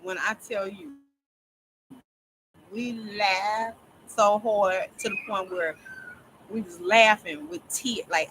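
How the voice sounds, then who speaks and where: A woman casually telling a long story to her viewers, rambling and animated, often laughing as she talks. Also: mid-range voice, a little hiss or hum, rough recording. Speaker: storyteller vlogger.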